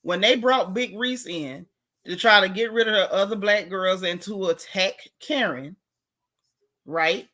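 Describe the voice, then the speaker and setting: A middle-aged woman, host of a live gossip stream, chatting in a sassy, animated, colloquial way. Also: mid-range voice, measured pace. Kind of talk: casual gossip chat, greeting live chatters.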